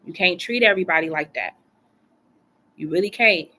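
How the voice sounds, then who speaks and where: A woman's voice: fairly low pitch, normal speed, pauses often, pushed and bright. A woman doing a casual live tarot reading from home, chatty and colloquial, repeating phrases for emphasis. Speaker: tarot reader.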